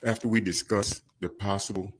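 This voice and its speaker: A man, crying as he gives an emotional, halting victim statement at a courtroom podium microphone. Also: fairly low pitch, fairly even intonation, husky. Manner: emotional, halting, breaks off mid-sentence.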